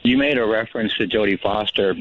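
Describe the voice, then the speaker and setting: A man's voice: lowish voice, a little fast, slight background noise. A man calling in to a radio show, speaking in a rambling, meandering way. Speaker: caller. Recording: tinny phone line.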